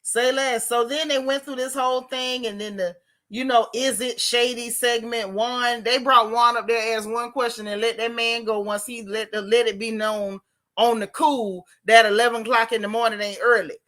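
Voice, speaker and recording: A woman giving sassy, animated gossip commentary as a YouTube host. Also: on the high side, moderate pace.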